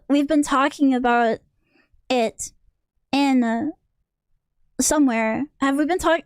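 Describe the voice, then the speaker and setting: A woman's voice: high-pitched, a little mellow, no room sound, studio quality. A woman streamer in a casual rant, rambling and restarting her sentences, sounding exasperated. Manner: rambling, self-interrupting, exasperated.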